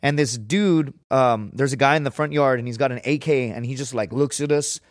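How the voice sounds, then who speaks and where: A man's voice: medium pitch, brisk, no room sound, clean studio sound. Rambling, profane man from south Texas. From Laredo, Texas. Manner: rambling, heavy swearing, frequent "right?" and "dude". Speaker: podcast guest. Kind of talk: casual storytelling.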